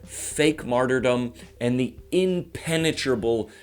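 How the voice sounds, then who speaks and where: Animated comedian ranting to camera. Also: male voice, medium pitch, clean tone. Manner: rapid, animated rants with mock voices. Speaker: comedian host.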